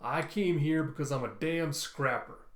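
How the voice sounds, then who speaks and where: A man's voice: fairly high pitch, unhurried, close to an everyday voice. A man voicing a blunt, threatening male scrapper who hunts robots, reading from a comic. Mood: menacing. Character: gruff male bot-hunting scrapper, tough. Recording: roomy echo.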